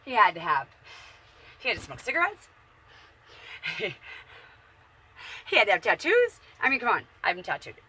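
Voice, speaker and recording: A woman's voice: medium pitch, wildly swooping pitch, moderate pace, long pauses, bright, forceful tone, slight background noise. A woman in her forties, chatting bluntly and profanely from her bedroom in a casual, rambling monologue. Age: 40s. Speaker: vlogger.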